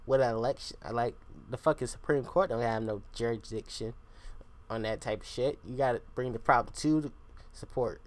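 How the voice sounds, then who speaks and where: A young man hosting his own podcast, rambling casually with lots of swearing and tangents. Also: on the low side. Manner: profane, digressive, self-deprecating. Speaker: podcast host.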